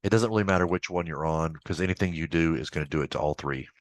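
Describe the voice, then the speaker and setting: Very deep-voiced man teaching casually. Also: fast talker, no echo. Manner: casual, chatty, with offhand asides. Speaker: accounting instructor. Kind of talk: screen-recorded software tutorial.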